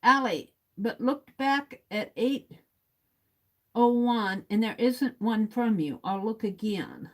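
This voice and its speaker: A woman's voice: a little high, slow. A woman hosting a livestream, reading viewers' comments aloud and chatting casually while she writes. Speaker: livestream host.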